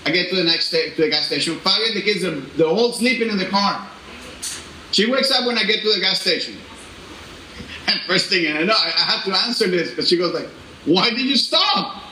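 A man giving an animated, storytelling testimony with laughter and halting restarts, in a church. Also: sits high, slight background noise. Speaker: speaker giving a personal testimony. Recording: echoey room with faint ambience.

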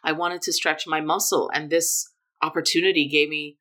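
A middle-aged woman from Jamaica, a guest telling her story in a relaxed interview, with emphatic lifts on key words. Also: low voice, moderate pace. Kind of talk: casual conversational interview.

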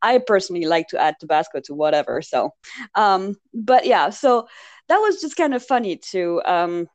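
A woman's voice: fairly low pitch, animated, moderate pace, no room sound. A woman from France, co-hosting a casual chat and telling rambling anecdotes full of fillers and laughs.

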